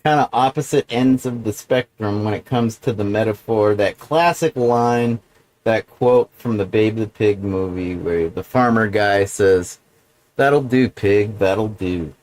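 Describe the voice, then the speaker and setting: A man's voice: lowish voice, a little slow, darkish tone, low-quality recording. A man hosting a livestream, talking alone in a meandering, profane monologue full of digressions. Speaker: livestream host. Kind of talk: rambling solo livestream monologue.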